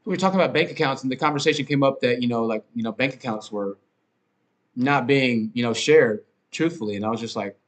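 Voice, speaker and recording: A man's voice: medium pitch, quick pace. A man hosting a podcast, ranting in a casual, rambling monologue with frequent swearing, fillers and restarts. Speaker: podcast host.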